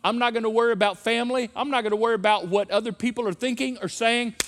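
A man's voice: very high voice, steady tone, quick pace, fairly bright tone, long reverb tail. A middle-aged man preaching a sermon as a pastor, emphatic and repeating key phrases for effect. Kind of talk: sermon on parenting.

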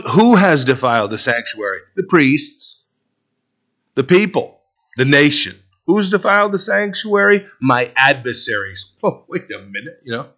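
A pastor preaching a sermon in an animated way, firing rhetorical questions and asides at his congregation. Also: a little high, dull audio.

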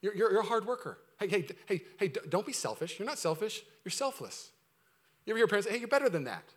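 With a high-sitting voice and a quick pace, this pastor's sermon lurches from urgent, booming preaching into hushed, close remarks, full of energy throughout.

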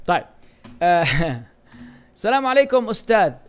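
Answering questions from viewers, an Islamic teacher keeps his live-stream chat bantering and animated, peppered with Arabic phrases. He is a native Arabic speaker with a Lebanese Arabic accent, and his high voice moves at a moderate pace.

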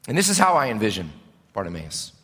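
A middle-aged male pastor preaching a sermon in an animated, conversational way, asking his congregation questions. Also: fairly low pitch, moderate pace, husky. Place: church sanctuary. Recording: long hall reverb.

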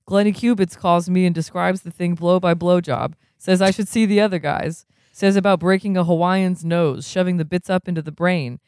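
A reader putting on a gruff older sponsor with a crooner drawl. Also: mid-range voice, steady tone, moderate pace, hardly any pauses, darkish tone, dry recording, studio quality, close to an everyday voice. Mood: mocking. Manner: crooner-style voice. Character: gruff older male recovery sponsor, blunt.

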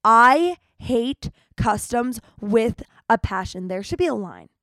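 A young woman hosting a podcast, telling stories in an animated, chatty way, with dramatic retellings. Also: on the high side, slow, dry recording. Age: young adult. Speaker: podcast host. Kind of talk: casual storytelling monologue.

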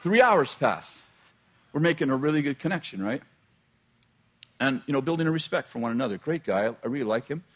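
A man's voice: mid-range voice, animated, brisk, pauses often. A middle-aged man, a pastor, telling a personal story in a sermon, chatty and laughing at his own jokes, often breaking off mid-sentence.

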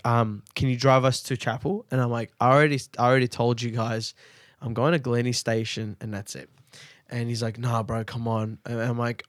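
A man's voice: mid-range voice, no room sound, studio quality. A young man telling a long, profane story in casual chat, laughing often and repeating himself. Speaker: podcast co-host.

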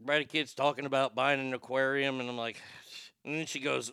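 A man's voice: medium pitch, fairly even intonation, a little fast, sharp tone, clear, resonant tone, no echo, clean studio sound. A man hosting a casual talk show, rambling through jokes and profane banter. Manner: loose, joking, profane banter. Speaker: show host.

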